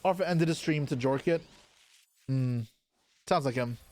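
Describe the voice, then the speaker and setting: A man's voice: mid-range voice, measured pace, darkish tone. A young man chatting casually on a live stream, answering his chat aloud while opening card packs, with offhand swearing. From Canada.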